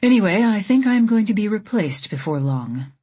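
A woman voicing a weary, guarded female space station leader in an audiobook, speaking in a flat, subdued way. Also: mid-range voice, normal speed, slightly rough. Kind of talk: audiobook character voice.

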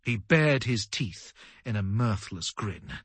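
A man narrating an audiobook in a dramatic, animated storytelling manner. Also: lowish voice, slow, husky, no echo. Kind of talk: scripted narration.

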